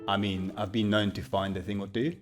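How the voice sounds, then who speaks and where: A man's voice: on the low side, little pitch movement, brisk, soft background music. A South African man playing a tabletop game, joking and mock-boastful. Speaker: player. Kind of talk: casual play talk.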